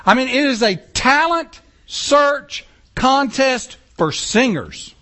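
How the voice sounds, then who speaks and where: Animated high-voiced male preacher. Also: takes it slowly. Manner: animated, joking preaching with acted-out quotes. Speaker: pastor. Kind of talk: sermon.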